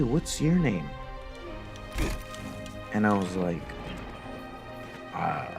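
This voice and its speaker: Young male streamer, very low voice, rambling and profane, game music behind. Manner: rambling, profane, mock-philosophical storytelling. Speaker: live streamer. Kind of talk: casual chat while gaming.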